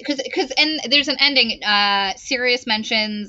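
A woman co-hosting a book club podcast, talking casually in an animated, giggly way and acting out quotes. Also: on the high side, moderate pace, few pauses, clean tone, no echo, muffled recording.

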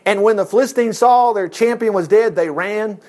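A man preaching a sermon, retelling a story with animated asides and frequent chuckles. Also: sits high, moderate pace. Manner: animated storytelling, acts out quotes, chuckles often.

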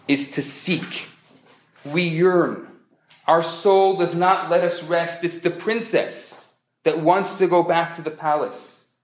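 A man who is a rabbi, giving a humorous lecture as an animated storyteller with quick joke delivery. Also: a little high. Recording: echoey room.

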